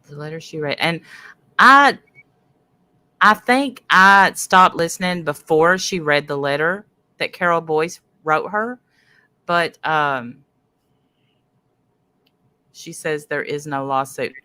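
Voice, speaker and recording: A woman's voice: low-pitched, slow, long pauses, pushed and bright, clear, resonant tone, no echo. A woman hosting a casual livestream, rambling and greeting viewers in chat. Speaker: host.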